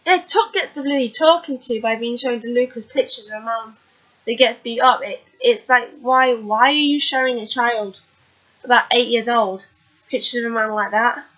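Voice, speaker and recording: Bright-voiced woman rambling a recap. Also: on the high side, moderate pace. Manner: chatty, rambling, many fillers. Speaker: TV recap vlogger. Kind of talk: casual recap chat. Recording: dull lo-fi recording.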